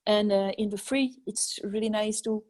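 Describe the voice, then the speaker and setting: French woman, non-native English, warm low-glare tone, halting delivery with many fillers, video call. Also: steady tone. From France. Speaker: harmonica player. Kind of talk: online interview.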